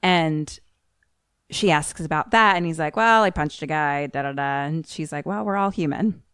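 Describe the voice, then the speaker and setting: Woman with a mixed American accent, lowish voice. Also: moderate pace, fairly bright tone, clean tone, no room sound, clean studio sound. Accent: mixed American, a little Philly and Maryland. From United States. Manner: loose, rambling retelling full of "like" and quoted lines. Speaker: podcast co-host retelling a film plot. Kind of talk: casual chat.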